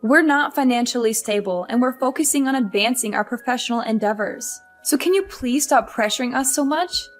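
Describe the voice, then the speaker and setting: A woman's voice: fairly high pitch, a little fast, few pauses, lightly acted. Woman voicing an upset young wife. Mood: pleading. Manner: upset, complaining. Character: frustrated young career wife. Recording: faint music behind.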